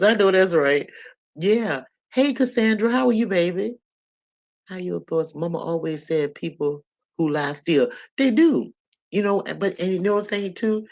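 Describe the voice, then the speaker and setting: With a medium-pitched voice and dull audio, a livestream host talks casually with chat viewers, delivering bright, lively greetings. The host also gives preachy life advice, repeating phrases to drive points home.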